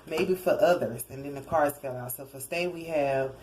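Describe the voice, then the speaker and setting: Low-voiced woman doing a chatty tarot reading. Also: moderate pace, noisy background. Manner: rambling, self-correcting, chuckling asides. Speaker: tarot card reader. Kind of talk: casual spoken tarot reading.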